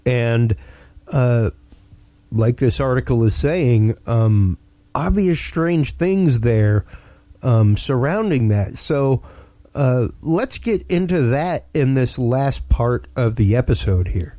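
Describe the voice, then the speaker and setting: Man, podcast host, enthusiastic, filler-heavy, slow delivery, dry close sound. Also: medium pitch, animated, warm tone, dry recording. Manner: enthusiastic, with many ums and repeats. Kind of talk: casual podcast talk.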